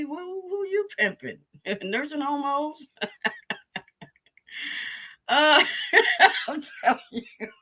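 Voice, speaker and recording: A woman hosting a casual live stream, trading crude jokes and laughing often. Her voice sits a touch high and rings bright and forceful. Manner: laughing, profane, joking commentary. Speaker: livestream host. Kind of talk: casual comedic chat.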